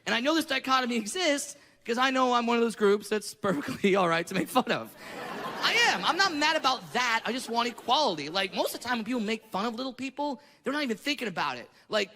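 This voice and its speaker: A man doing a stand-up comedy routine, ranting indignantly and rising to shouts. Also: high voice. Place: comedy club stage. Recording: reverberant hall with audience noise.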